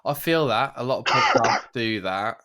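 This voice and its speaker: A man's voice: medium pitch, normal speed, sharp tone. A man hosting a gaming podcast in casual, jokey chat. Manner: chatty, jokey, drops into silly accents. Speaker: podcast host.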